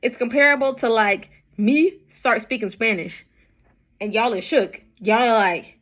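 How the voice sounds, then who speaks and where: A young woman from Nigeria retelling a Bible story in casual slang, acting out the people in it with lively quoted voices. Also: moderate pace, poor audio. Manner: animated, acts out crowds with high-pitched quoted voices and slang. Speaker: bible study vlogger.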